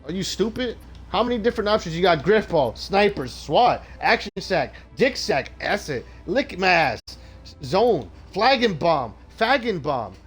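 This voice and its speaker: A man streaming a game live, ranting loudly and with exasperation about the matchmaking, swearing constantly. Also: high-pitched, big pitch swings, measured pace, husky, faint music behind. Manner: profane ranting, loud and exasperated. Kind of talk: live gaming stream rant.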